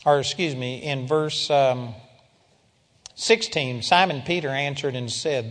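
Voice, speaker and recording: A man's voice: a little high, normal speed, a bit bright. A man preaching a sermon to a congregation, telling a story through quoted dialogue and building to emphatic swells. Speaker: pastor. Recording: long hall reverb.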